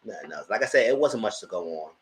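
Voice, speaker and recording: A man's voice: on the low side, expressive, fast. A man giving a casual, slangy, gossipy live recap of reality TV shows. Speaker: online TV reviewer.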